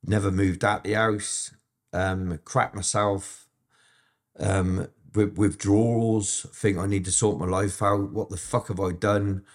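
Low-voiced guy telling his story straight, swears a lot, keeps restarting. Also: level tone, takes it slowly. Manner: blunt, heavy swearing, frequent restarts. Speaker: interview guest. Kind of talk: candid storytelling interview.

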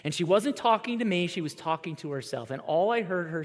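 Animated high-voiced pastor in a reverberant hall. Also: male voice, a little fast. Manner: conversational, animated storytelling with quoted voices. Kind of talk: sermon. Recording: long reverb of a large hall.

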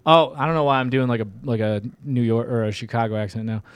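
A man putting on a smug, self-important older male health official who rambles in a halting way with a sleazy New York-style accent. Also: fairly high pitch, steady tone, pushed and bright, smooth, no echo.

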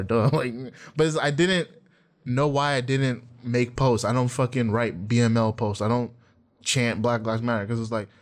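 Animated, profane man chatting casually. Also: medium pitch. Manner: animated storytelling, acts out quotes, profane. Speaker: podcast co-host. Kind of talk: casual chat.

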